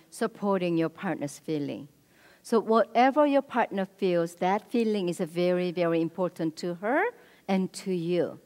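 In an echoey church hall, a woman with a fairly low, slightly mellow voice gives an instructive marriage seminar talk. She keeps checking in with the audience by asking "right?"

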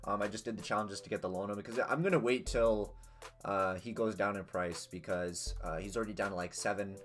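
Excitable young man commenting on gameplay. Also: on the low side, a little fast, faint music behind. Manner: excitable, swears, yells at big plays. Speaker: gaming youtuber.

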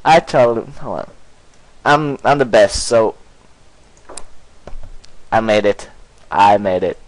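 Young male let's player, goofy and excitable; pitch leaps all over, unhurried talk. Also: poor audio. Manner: goofy and excitable, breaks into silly singing and swearing. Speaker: gameplay commentator. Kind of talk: casual let's play commentary.

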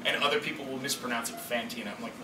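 A man who directs and performs voices, telling stories at a convention panel in a rambling, animated way. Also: mid-range voice, rapid-fire. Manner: animated, rambling storytelling with frequent fillers. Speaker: voice director and voice actor. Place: convention hall. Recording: echoey hall from far off, noisy.

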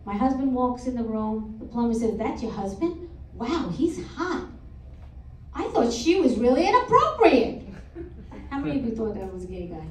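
A woman's voice: fairly high pitch, fairly quick. Foul-mouthed woman doing club stand-up. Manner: crude, deadpan punchlines with crowd work. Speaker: stand-up comedian. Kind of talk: stand-up comedy set. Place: comedy club. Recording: echoey club audio from far off with loud crowd.

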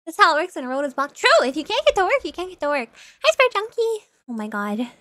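A woman's voice: high voice, big pitch swings, very fast, pushed and bright, no echo, clean studio sound. A young woman streaming a video game, chatting casually and giggling as she reacts to what happens on screen. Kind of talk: casual gameplay commentary. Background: game music.

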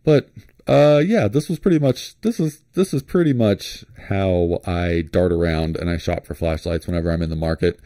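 A deep-voiced man from Florida talks casually as he browses, his tone mellow and unhurried. He rambles and restarts, filling gaps with little hums. The sound is dry and close, with no room around it. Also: no echo. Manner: rambling, relaxed, thinks aloud with many fillers and restarts. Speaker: flashlight vlogger. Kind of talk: casual screen-share commentary.

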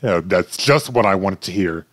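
A man's voice: low voice, animated, moderate pace, fairly bright tone. A young man giving casual, joking commentary as host of a game playthrough. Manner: laughing asides, joking. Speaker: let's play host.

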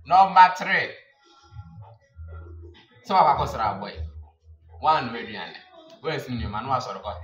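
A man with a Ghanaian accent giving comic advice as a video host, excitable, with bursts of loud exclamation. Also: mid-range voice, slow pace, pauses often, distant mic. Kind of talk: animated comic advice monologue. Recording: roomy echo, off-mic, music behind.

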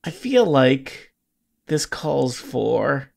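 A man's voice: mid-range voice, big pitch swings, drawn-out words, creaky. A man playing a tabletop game, playful and thinking aloud as he works out his turn. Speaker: player. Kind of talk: casual tabletop game play.

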